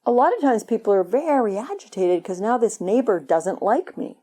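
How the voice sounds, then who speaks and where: A woman's voice: medium pitch, expressive, moderate pace, warm tone. A woman meditation teacher giving a conversational, playful dharma talk at a retreat, acting out quoted voices. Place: retreat hall.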